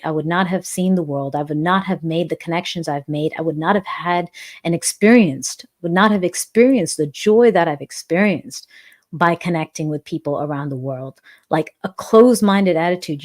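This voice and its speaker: Dance instructor host, a woman with a low voice, earnest and reflective, live-stream Q&A. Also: normal speed, darkish tone. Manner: earnest, reflective, repeats phrases for emphasis. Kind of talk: live-stream Q&A, reading chat comments.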